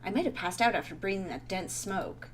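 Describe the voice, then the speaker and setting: A woman's voice: mid-range voice, animated, a little fast, a little hiss or hum, lightly acted. A woman reading the lines of an anxious, confused young male doctor, urgent and questioning.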